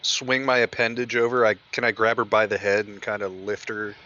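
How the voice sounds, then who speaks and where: A man's voice: on the low side, little pitch movement, brisk, sharp tone, lo-fi sound. A man playing a tabletop game, answering in a breezy, in-character way. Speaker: player. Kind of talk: casual tabletop game play.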